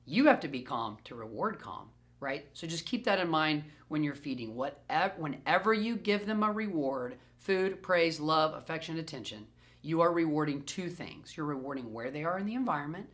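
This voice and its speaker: A man who trains dogs, answering questions in a recorded group session in an animated, playful way and repeating phrases for emphasis. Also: a little high, brisk. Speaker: dog trainer. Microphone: self-recorded camera.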